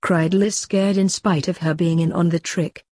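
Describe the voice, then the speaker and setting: A woman reads a short story aloud in plain, even narration. Her voice is low, warm and husky, and the recording is dry and close. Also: moderate pace, no echo.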